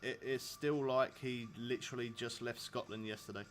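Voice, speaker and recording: A man from England in his thirties talks at normal speed in a steady, medium-pitched voice. He's streaming a fishing game, rambling casually to viewers in chatty live-stream talk and laughing often.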